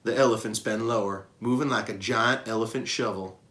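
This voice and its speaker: A man reading a children's novel aloud with expressive narration. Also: fairly low pitch, brisk. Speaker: reader. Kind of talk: storybook read-aloud.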